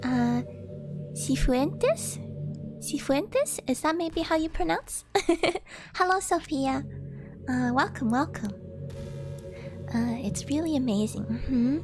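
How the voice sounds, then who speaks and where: A woman's voice: high-pitched, animated, takes it slowly, pauses often, over music. A woman live-streaming, chatting casually and reading chat aloud, gushing with delight and giggling often.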